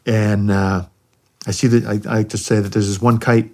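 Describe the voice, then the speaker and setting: A man's voice: on the low side, moderate pace. A middle-aged man from the United States, a retired army helicopter pilot, casually telling war stories and often checking in with a questioning "right?". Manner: relaxed, tags points with a questioning "right?". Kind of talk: casual storytelling in a conversation.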